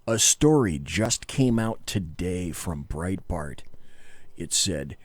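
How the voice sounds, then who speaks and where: A man's voice: low-pitched, animated, slow pace, dry recording. A man co-hosting a casual political talk show from a small studio, rambling and jokey, often correcting himself. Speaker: podcast co-host.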